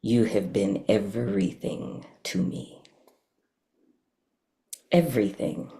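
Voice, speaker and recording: Woman w a gravelly voice, slow and emphatic, saying thanks over and over. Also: very deep voice, steady tone, darkish tone. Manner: emphatic, repeats phrases for weight. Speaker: honoree giving thanks. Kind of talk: heartfelt spoken thanks.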